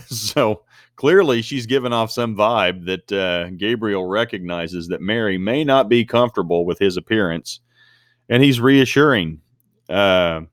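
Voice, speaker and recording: A man teaching a Bible study lesson, slowing down to stress Greek words. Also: on the low side, a bit bright, no echo, clean studio sound. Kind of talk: scripture study talk. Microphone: desk mic at a computer screen recording.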